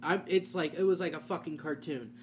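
A man's voice: fairly high pitch, brisk, slight background noise. A man in his thirties, a comedian co-hosting a podcast, telling a story in casual, profane chat and acting out the voices of the people in it. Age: 30s.

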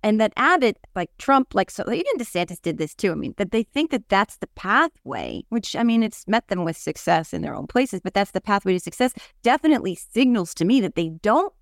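A woman co-hosting a casual political chat, talking in an animated, digressive way with many fillers and restarts. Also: mid-range voice, a little fast, vocal fry, few pauses, dry recording, studio quality.

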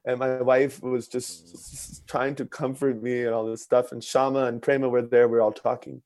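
A man telling a personal story in conversation, earnest and expressive, with many fillers. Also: medium pitch, normal speed, no echo.

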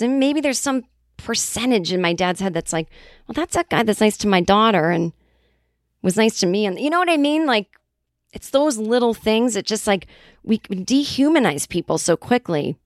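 Telling a casual comedic story on her podcast, a woman animatedly acts out the quoted voices of others. Her pitch is medium and her pace moderate. The studio sound is clean, with no echo.

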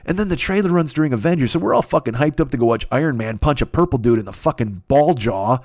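A rapid-fire man rants his way through a comic podcast monologue, swearing constantly and slipping into mocking character voices. The sound is dry and close, with no room around it. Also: mid-range voice, expressive, a little mellow, no room sound. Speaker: podcast host. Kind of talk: profane comedic monologue. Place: his apartment.

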